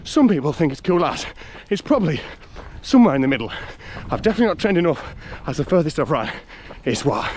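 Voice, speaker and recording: This running vlogger speaks in a fast, high-leaning voice with big pitch swings, a darkish tone and hardly any pauses, with a little hiss or hum in the recording. He's a man from North East England with the local accent, giving casual commentary on a hill and woodland trail run. Out of breath, he stays chatty and cheery, laughing a lot and greeting the runners he passes.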